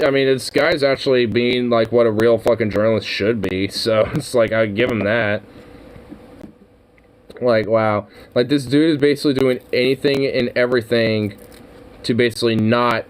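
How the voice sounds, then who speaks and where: A man's voice: mid-range voice, steady tone, moderate pace. Young man, profane reaction commentator, mocking tone, slight background noise. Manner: swearing, mocking, laughing.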